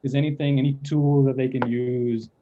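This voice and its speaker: A man's voice: mid-range voice, level tone, normal speed, warm tone, a little hiss or hum. A male moderator asking questions over a video call in a hesitant way, with many fillers. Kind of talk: interview questions. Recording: muffled lo-fi audio.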